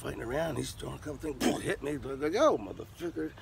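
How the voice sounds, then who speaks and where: Gravelly older man telling a story. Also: mid-range voice, fairly even intonation, quick pace, slight background noise. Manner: profane, punchy, acts out sound effects. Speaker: interviewee. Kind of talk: animated storytelling.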